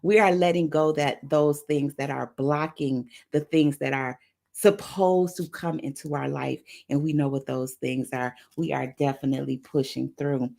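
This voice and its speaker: A woman's voice: low voice, steady tone, normal speed, creaky, dark tone. A woman hosting a live motivational affirmation stream, repeating phrases in a preacher-like call-and-response. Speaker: motivational talk show host.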